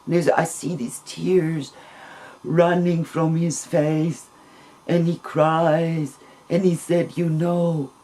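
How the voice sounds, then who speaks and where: A man telling a long personal story in a casual, rambling, gentle way, with soft laughs between phrases. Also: a little high, little pitch movement, slow pace.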